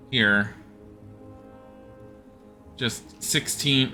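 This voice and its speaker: Bright-voiced man chatting while gaming. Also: medium pitch, normal speed, soft background music. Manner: chatty, laughs often, mutters game commands. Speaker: game streamer. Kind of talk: casual live commentary while gaming.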